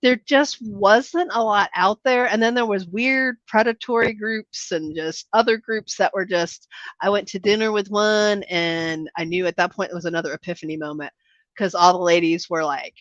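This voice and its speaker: Brief: woman in her fifties, podcast guest, lively storyteller, muffled lo-fi sound with no room echo. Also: medium pitch, brisk. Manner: animated, acts out quoted voices. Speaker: life coach guest. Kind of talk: conversational interview storytelling. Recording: dull, dry podcast audio.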